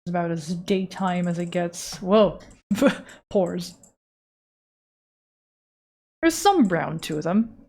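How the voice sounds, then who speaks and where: A woman's voice: fairly low pitch, slow, long pauses, darkish tone. Playful joking woman streaming her drawing. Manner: playful, joking, swears freely, talks to chat. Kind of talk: casual live-stream chat.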